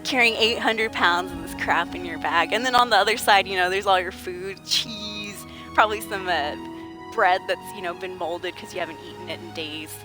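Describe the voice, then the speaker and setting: A woman game streamer chatting casually with her viewers, greeting them by name and laughing often. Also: fairly low pitch. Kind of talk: casual livestream chat. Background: game music.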